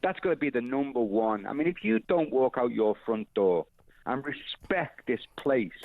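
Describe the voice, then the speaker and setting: Male phone-in caller, gravelly voice, rambling and earnest, tinny line. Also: medium pitch, animated, normal speed, no echo. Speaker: radio caller. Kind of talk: phone-in call.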